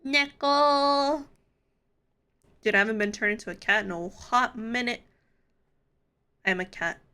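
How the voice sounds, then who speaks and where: Giggly, bright-voiced woman streamer. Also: mid-range voice, fairly quick. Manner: giggly, playful, swears freely. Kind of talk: casual live-stream chat.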